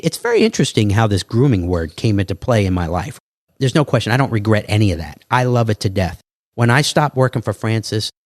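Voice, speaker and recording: A man, a guest on a podcast, telling his life story in a lively way and acting out other people's lines. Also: on the low side, no room sound, studio quality. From New York. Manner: animated, quick storytelling with acted quotes.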